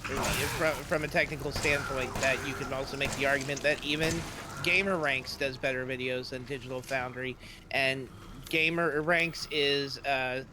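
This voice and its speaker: A man's voice: mid-range voice, steady tone, normal speed, heavy background noise. A man co-hosting a casual gaming stream, sarcastic and wordy, often restarting his sentences. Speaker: co-host playing the game.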